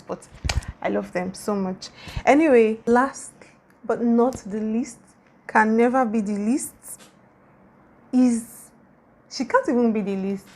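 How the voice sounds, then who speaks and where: A young Nigerian woman with a Nigerian accent, talking casually in a vlog and gushing with warm, repetitive praise. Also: mid-range voice. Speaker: YouTuber.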